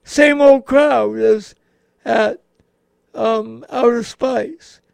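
A man co-hosting a radio show, talking casually in a slow, halting way with many pauses. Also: very high voice, fairly even intonation, gravelly, no echo. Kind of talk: casual on-air chat.

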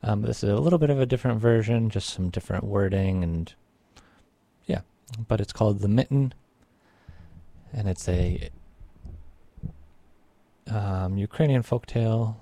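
A man reading a folktale aloud, with casual spoken asides to a listener. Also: creaky. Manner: voices small animals in a high hushed squeak. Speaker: storyteller.

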